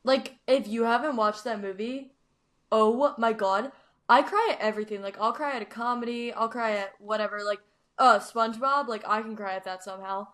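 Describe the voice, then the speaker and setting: A woman's voice: on the high side, moderate pace, fairly bright tone. A young woman co-hosting a podcast in casual chat, gushing and filling her talk with "like". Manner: gushing, heavy use of "like". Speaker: podcast co-host.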